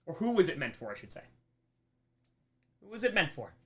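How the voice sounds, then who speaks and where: A man teaching a live history lesson on a stream, emphatic and animated, slipping into mocking voices. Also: a little high, brisk. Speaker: history teacher on a charity livestream.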